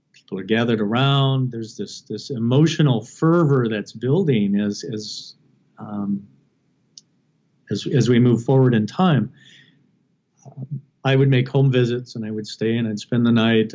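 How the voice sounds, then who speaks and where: A middle-aged male doctor speaks in an earnest, reflective way and often circles back to restart a thought. His voice is mellow and dark-toned, and the recording is slightly dull and lo-fi. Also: mid-range voice. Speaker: palliative care physician. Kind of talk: reflective interview talk.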